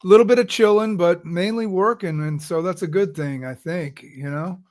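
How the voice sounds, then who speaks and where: A man co-hosting a casual music business chat, upbeat and quick to laugh. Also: high-pitched, darkish tone. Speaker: co-host. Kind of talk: casual video podcast chat.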